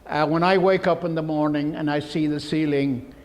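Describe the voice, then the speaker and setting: A man's voice: a little high, steady tone, moderate pace. An older man giving a humorous public talk, telling rambling, jokey stories. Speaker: guest speaker.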